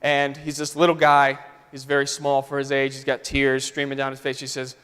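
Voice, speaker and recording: Smooth-voiced male pastor telling a story. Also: medium pitch, completely flat delivery, moderate pace. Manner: vivid storyteller, swings loud and soft. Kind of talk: storytelling sermon. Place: church sanctuary. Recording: long reverb of a church sanctuary.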